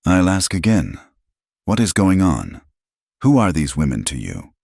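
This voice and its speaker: A man reading a Western story voicing a stern, quiet frontier husband and father. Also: low-pitched, very animated, a little slow, vocal fry, breathy edge, dry recording, studio quality, full character voice. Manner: quiet, firm.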